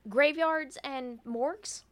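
Bright-voiced woman cracking jokes. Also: high voice. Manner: quick jokey interjections. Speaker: podcast co-host listening and reacting. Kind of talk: casual chat.

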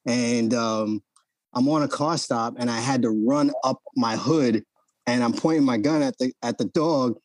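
A man's voice: medium pitch, measured pace, dry recording. Chatty male interview host. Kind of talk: casual interview chat.

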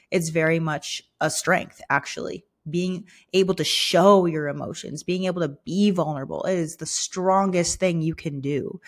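A young woman hosting a personal podcast, speaking candidly and vulnerably with many fillers, emotional and close to tears. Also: fairly low pitch. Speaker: podcast host. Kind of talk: personal reflective monologue.

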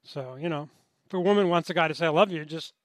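A man's voice: a little high, quick pace, dry recording. A man co-hosting a dating podcast, agreeable and joking in casual chat. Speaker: podcast co-host.

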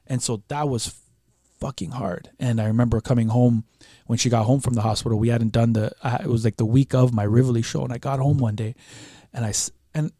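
A man's voice: mid-range voice, fairly even intonation, brisk, warm tone, no room sound, clean studio sound. A man in his forties from Canada, a guest musician talking frankly and emotionally in an interview, swearing often. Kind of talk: candid interview chat.

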